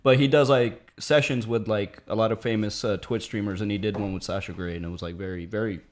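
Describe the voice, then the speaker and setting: A man's voice: on the low side, fairly even intonation, fast. A young man co-hosting a podcast who speaks hesitantly, restarting his sentences in casual chat. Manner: hesitant, many restarts and fillers. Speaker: podcast co-host.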